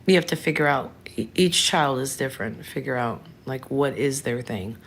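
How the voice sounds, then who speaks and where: A woman's voice: extremely low pitch, normal speed, slightly rough. A woman in her thirties hosting a casual livestream, chatting frankly and answering viewers by name. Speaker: livestream host.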